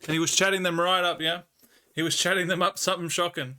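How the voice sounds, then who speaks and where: Bright-voiced Australian man chatting on stream. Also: high-pitched, flat delivery, fast. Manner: rambling storyteller, laughs often. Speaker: livestreamer. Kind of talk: casual chat with viewers.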